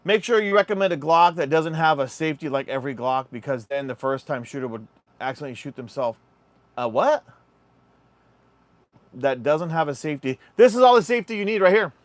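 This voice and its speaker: In a slightly high voice and at a brisk pace, a man casually hosts a livestream. He reads out comments and chats comfortably with viewers, whom he calls "y'all," in a dry recording.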